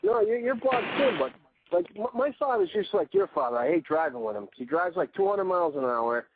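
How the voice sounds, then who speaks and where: A man's voice: high voice, big pitch swings, fairly quick, slightly rough, no room sound. A man chatting as a guest on a talk radio show, giving profane, emphatic opinions. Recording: dry, phone-like lo-fi radio audio.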